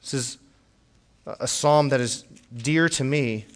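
A man's voice: mid-range voice, measured pace. A man preaching a sermon in an earnest way, often repeating words as he restarts, and rising to a pleading tone when he reads scripture aloud. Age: young adult or middle-aged, has children. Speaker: pastor.

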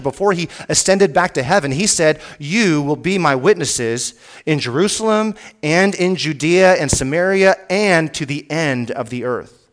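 A man, a pastor, preaching a teaching sermon, repeating his points and pressing them with rising emphasis. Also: fairly bright tone. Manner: emphatic, rises in pitch and volume on key points.

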